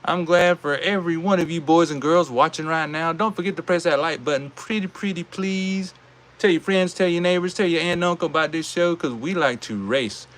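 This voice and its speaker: On the high side and a bit bright, this man's voice carries a Southern US accent as he hosts a live toy car race. His commentary is casual and folksy, drawn-out, with plenty of "y'all."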